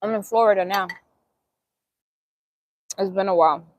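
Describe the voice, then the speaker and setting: A vegan cooking channel host with a Bronx New York accent chats casually on a live stream while eating, answering viewer comments and laughing easily. Her voice is mid-range at a moderate pace, with slight background noise in the recording.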